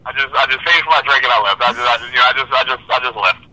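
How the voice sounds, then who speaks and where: A man calling in as a guest, telling a rambling story in an animated way and repeating himself. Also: mid-range voice, racing, low-quality recording. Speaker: guest caller, fighter. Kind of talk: casual phone-in storytelling.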